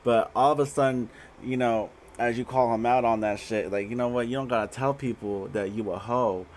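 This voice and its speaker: A man's voice: medium pitch, steady tone, brisk, slight background noise. A man giving a casual tarot reading on a livestream, blunt and profane, laughing often. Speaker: tarot reader.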